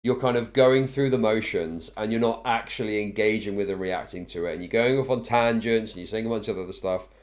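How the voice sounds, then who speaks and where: A man's voice: lowish voice, a little fast, hardly any pauses. A male live streamer reading a court ruling aloud, racing through the legal text and breaking off into bored, sardonic asides, recorded on a desk microphone.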